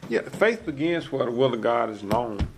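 A calm, affirming speaker in a casual faith discussion, often quoting scripture. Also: medium pitch, moderate pace, crowd noise. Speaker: church discussion participant.

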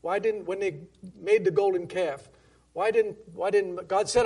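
A man preaching a Bible-study sermon, talking conversationally with restarts and questions to the congregation, and reading scripture slowly and with emphasis. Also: high voice, fairly even intonation, darkish tone. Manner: reads King James scripture slowly and emphatically.

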